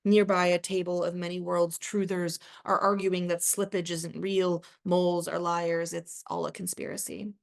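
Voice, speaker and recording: A woman reads her own literary fiction aloud at a live event in a low, gravelly voice. She keeps her delivery measured and flat, hardly lifting or dropping her pitch, and slips in the odd dry aside. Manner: measured, even first-person reading with a dry aside. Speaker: author reading her own work.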